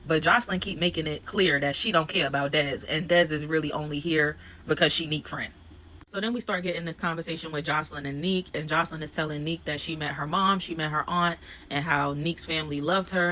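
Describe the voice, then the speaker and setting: A woman's voice: low-pitched, steady tone, a little fast, sharp tone, a little hiss or hum. A woman vlogger recapping a reality TV episode in a casual, slangy, conversational storytelling voice.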